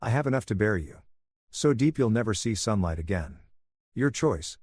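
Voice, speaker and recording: A man voicing a betrayed husband who speaks with calm, controlled menace, in a dry, close recording. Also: on the low side, moderate pace, breathy edge, no echo. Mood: menacing. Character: cold, vengeful betrayed husband, adult man.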